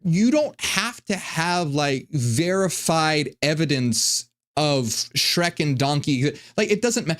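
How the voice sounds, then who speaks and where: A man hosting a casual reaction commentary, talking in an animated, profane way and often restarting his sentences. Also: a little high. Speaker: commentary host.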